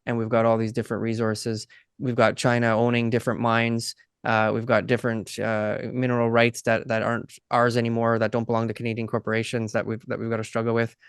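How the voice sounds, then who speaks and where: A man co-hosts a casual podcast and asks questions in a hesitant way. His voice is flat in pitch, smooth and clear, and it is recorded dry and close. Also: fairly quick, no echo. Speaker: podcast co-host.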